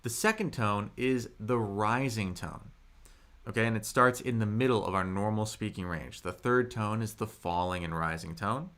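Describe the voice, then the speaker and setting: Upbeat man teaching on a livestream. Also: lowish voice. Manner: upbeat, reads chat aloud, models tones slowly and loudly. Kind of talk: live online language lesson.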